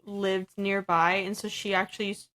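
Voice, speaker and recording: An American woman co-hosting a book podcast, retelling scenes in a casual, animated, giggly way. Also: medium pitch, normal speed. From United States. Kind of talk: casual chat.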